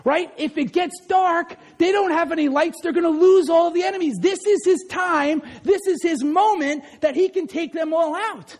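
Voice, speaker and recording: High, animated male preacher. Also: normal speed, few pauses. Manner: animated, swings from shouting to quiet asides; keeps asking the congregation "right?". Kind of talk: sermon.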